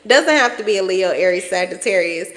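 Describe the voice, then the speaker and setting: A woman's voice: medium pitch, expressive, brisk, a bit bright, big-room sound. A woman giving a casual collective tarot reading, chatty and playful, laughing often and swearing freely. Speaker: tarot reader.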